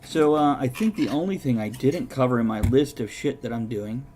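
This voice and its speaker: A man's voice: medium pitch, moderate pace, darkish tone, slight background noise. A man hosting a live-streamed chat show, telling stories with dry sarcasm. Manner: sarcastic, mock-documentary storytelling. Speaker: host.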